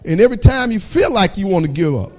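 A man's voice: high voice, big pitch swings, quick pace. A man giving a fervent church testimony with a repetitive preaching cadence.

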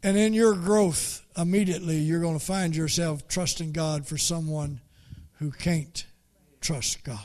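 A man's voice: fairly high pitch, steady tone, a little mellow. Folksy man telling a sermon story. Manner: folksy, halting with many repeated starts. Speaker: preacher.

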